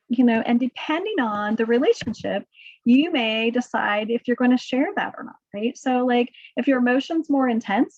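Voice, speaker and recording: A woman giving a relaxed webinar talk on handling emotions, full of "like" and "right?". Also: fairly high pitch, dry recording, muffled recording. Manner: conversational, filler-heavy, says "right?" and "like" often. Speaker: presenter on coping with emotions in research.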